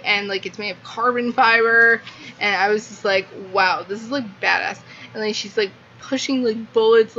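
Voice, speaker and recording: A woman's voice: medium pitch, bright, forceful tone. A young woman gushing through a casual book review, peppering almost every phrase with "like". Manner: gushing, filler-heavy, lots of "like". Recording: muffled lo-fi with faint hiss.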